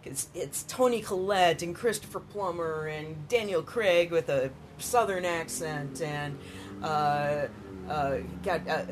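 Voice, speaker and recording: A man's voice: on the high side, slow, music in the background. Male podcast co-host, casual, laughs a lot, a bit worn out. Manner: enthusiastic, laughs often while talking. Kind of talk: casual chat.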